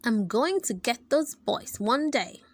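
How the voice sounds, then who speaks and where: A woman voicing a mean old male school principal in a storybook, with a low hushed menacing delivery. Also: expressive, slow pace, no echo. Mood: scheming.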